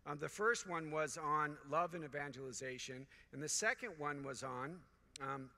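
A man's voice: a little high, moderate pace, bright, forceful tone, long reverb tail. A middle-aged man, a priest, preaching a conference homily to fellow priests in an earnest, repetitive cadence, telling anecdotes. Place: large conference hall.

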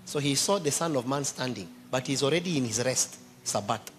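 A man's voice: medium pitch, animated, brisk, slight background noise. A man preaching a sermon, emphatically quizzing his congregation with questions.

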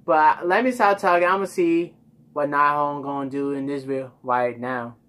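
A man's voice: a little high, normal speed, a bit bright, slight background noise. A man hosting a casual music reaction video, chatting rambly and talking straight to his viewers.

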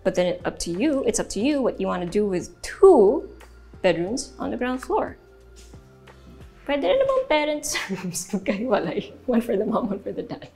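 A woman's voice: mid-range voice, lively intonation, moderate pace, creaky, mellow, faint music behind. A woman with a Filipino accent hosting a house tour, chatty and giggly, now and then slipping into Tagalog. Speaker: real estate tour host. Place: indoors in a large house.

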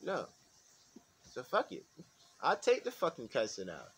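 Man, vlogger, casual rant, profane, heated, emphatic, middle pitch. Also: wildly swooping pitch, a little slow, slight background noise. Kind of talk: casual ranting monologue.

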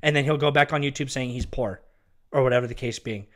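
A former ministry worker rants casually about someone he used to work with, agitated and emphatic, repeating himself. He insults the absent person and addresses him directly. His medium-pitched voice is fast, a bit bright, and fairly even in intonation.

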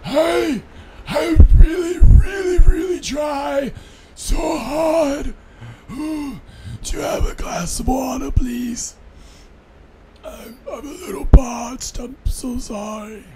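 A man voicing an overwrought, parched character who begs for water in breathless shouts and whispers. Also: very high voice, extremely slow, hardly any pauses, background noise, voice pushed up, exaggerated voice. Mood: frantic.

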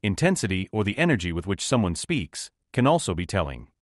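A man with a lowish voice narrates a nonfiction audiobook, his pitch rising and falling with plenty of expression. He reads in a measured, instructive manner from a script. The sound is dry and close, with no room echo. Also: sing-song.

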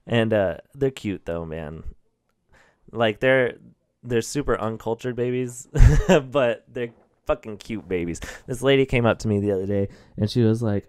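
A young man rambles through crude, self-deprecating comedy bits on his podcast, full of fillers and little laughs. His voice is smooth and slightly low, recorded close and dry with no room sound. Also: animated, moderate pace, no echo. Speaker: podcast host and stand-up comedian. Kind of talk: casual comedic monologue.

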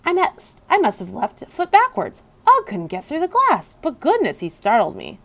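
A woman reading a children's book aloud with expressive storytelling. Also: sits high, normal speed. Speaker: reader.

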